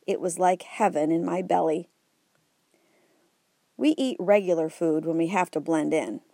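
A woman reads a children's story aloud in a wry, even manner. Her voice is low and mellow, recorded close and dry. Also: measured pace, gravelly, dry recording. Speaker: narrator. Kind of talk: audiobook narration.

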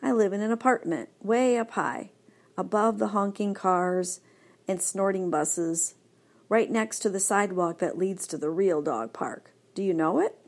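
A woman voicing an excitable young male dog in a storybook reading, bouncy and enthusiastic. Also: mid-range voice, measured pace, close to an everyday voice. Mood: eager.

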